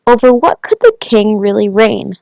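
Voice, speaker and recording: A woman reads a storybook aloud at an unhurried pace. Her voice sits at a middle pitch. A long reverb trails behind her words. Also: expressive, vocal fry, a little mellow. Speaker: audiobook narrator. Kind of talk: storybook narration.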